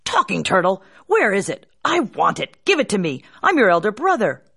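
A woman's voice: huge pitch swings, normal speed, gravelly, fairly bright tone, slightly rough, full character voice. A woman voicing a greedy, bossy elder brother who demands and barks orders. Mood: demanding. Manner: demanding, barking, shrill.

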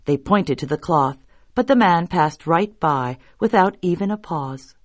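A woman reading folktales aloud as a storyteller, measured and expressive. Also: on the low side, dry recording, clean studio sound. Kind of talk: scripted narration of folktales.

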